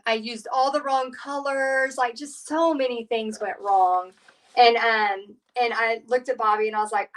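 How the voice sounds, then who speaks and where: During a live painting tutorial, a middle-aged woman chats warmly with her viewers, drifting from story to story with lots of "um" and "you know." Her voice is slightly high for a woman, and the rough recording makes her sound a little distant from the mic.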